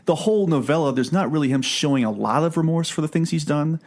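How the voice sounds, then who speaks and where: Man, podcast host, casual book chat, animated, restarts a lot. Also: fairly high pitch, quick pace. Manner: chatty, animated, many restarts.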